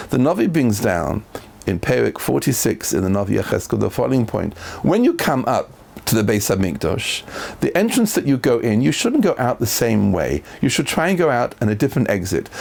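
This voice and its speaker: A man, a rabbi, giving a Torah lecture full of stories and acting out the voices of the people in them. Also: creaky. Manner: animated storyteller, acting out quoted voices with big pitch jumps.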